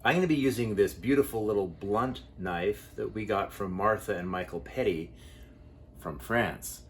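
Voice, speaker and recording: A man with a fairly low voice co-hosts a cooking show. He talks in a loose, rambling way full of playful asides. A faint hiss sits under the recording. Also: normal speed. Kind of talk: casual cooking chat.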